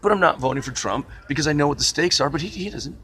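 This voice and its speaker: A man's voice: a little high, expressive, fast talker, a bit bright, slight background noise. A man vlogging a casual, rambling rant with a sarcastic, wry manner.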